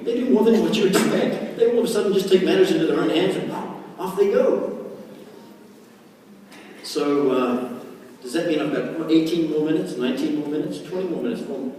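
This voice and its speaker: A man giving an energetic motivational talk at a sales meeting, acting out quoted voices and laughing often. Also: fairly high pitch. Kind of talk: motivational stage talk with anecdotes. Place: large meeting hall. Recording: echoey hall mic from far off, noisy.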